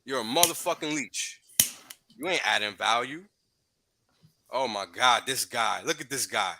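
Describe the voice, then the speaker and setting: A man's voice: medium pitch, animated, unhurried, gravelly, sharp tone. A man hosting a livestream, ranting profanely and heatedly with frequent laughs. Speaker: podcast host.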